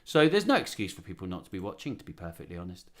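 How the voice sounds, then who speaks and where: Man, musician hosting a livestream, casual chat, playful and self-mocking, lively up-and-down voice, guitar in the background. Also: deep voice, very fast.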